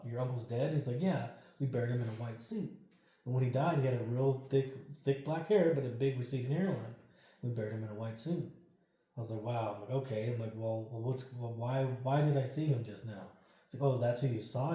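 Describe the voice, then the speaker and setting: Male interview guest, casual storyteller with a mellow, dark tone who acts out the lines and curses freely, in a very echoey room. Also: medium pitch. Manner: animated, acts out quoted dialogue, swears freely.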